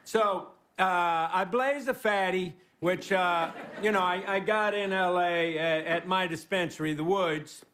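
A man's voice: sits high, measured pace, hardly any pauses, fairly bright tone. A man giving a rambling, self-deprecating stand-up monologue as guest host on a live TV studio stage. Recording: live studio audience with crowd noise. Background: laughing studio audience.

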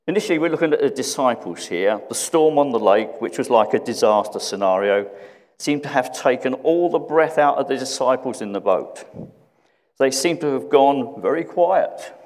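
A man preaching a sermon in a reflective way, often repeating questions and dropping to a hush. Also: mid-range voice, expressive, normal speed, in a large hall.

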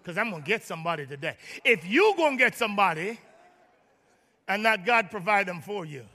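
A man preaches to his congregation in a very high, piercingly bright voice. He teases the crowd with humor and builds to shouted lines. A long reverb trails every word in the church hall. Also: animated, brisk. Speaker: pastor. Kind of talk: sermon. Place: large church.

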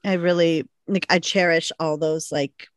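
A woman's voice: low voice, steady tone, unhurried, dry recording. Giggly woman telling a story, dry sound. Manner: laughing storyteller, many fillers. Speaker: podcast co-host. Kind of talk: casual chat.

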